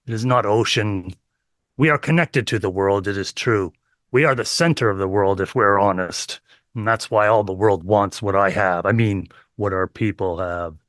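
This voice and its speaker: A man's voice: lowish voice, a bit bright, no room sound, clean studio sound. A man improvising as a vain, boastful emperor who talks in a pompous, self-praising way. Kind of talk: improvised comedy role-play.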